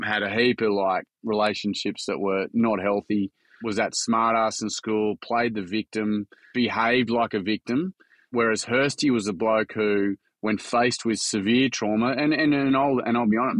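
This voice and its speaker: A man's voice: fairly low pitch, a bit bright, dry recording. A young Australian man telling his own story in a casual podcast chat, earnest and frank with some swearing. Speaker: charity founder and workshop facilitator.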